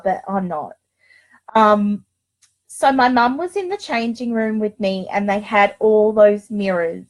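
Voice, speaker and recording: A woman's voice: medium pitch, rough recording. Tearful woman. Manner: emotional, tearful, confiding; rambling with many restarts and fillers. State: close to tears. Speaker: vlogger. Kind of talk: personal storytelling vlog.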